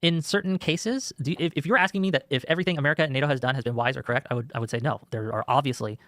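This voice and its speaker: A man talks very fast in a bright, forceful voice, pressing his case in a casual discussion. He is earnest and argumentative, often stumbling and restarting mid-sentence. The sound is dry and close. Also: medium pitch, dry recording. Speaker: debate show host reviewing his own debate.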